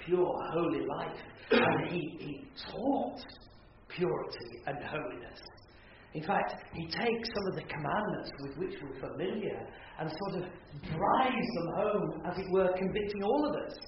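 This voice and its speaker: Male preacher, storytelling sermon, slightly high pitch, dull distant echoey sound. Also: noisy background. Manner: storytelling, vividly retelling a scripture scene. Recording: echoey hall, far from mic, dull.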